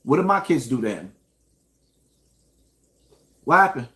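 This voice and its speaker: A man's voice: mid-range voice, sing-song, measured pace, a bit bright. A man from New York hosting an online show, ranting indignantly at his viewers. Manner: indignant, addresses viewers directly. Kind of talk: commentary rant.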